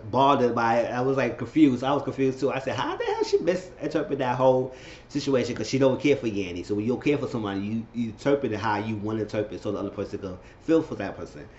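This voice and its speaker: Man, casual TV recap, excitable retelling, roomy room sound, muffled lo-fi audio. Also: medium pitch, quick pace, slight background noise. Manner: excitable storytelling, repeating phrases, jumping into quoted voices. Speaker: TV recap vlogger.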